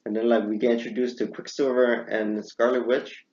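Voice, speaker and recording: Young guy chatting, gets all worked up acting out his reactions, mid pitch, kinda muffled lo-fi audio. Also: moderate pace. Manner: excitable storyteller, acts out his own past reactions. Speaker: podcast host. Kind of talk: casual chat. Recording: muffled lo-fi recording.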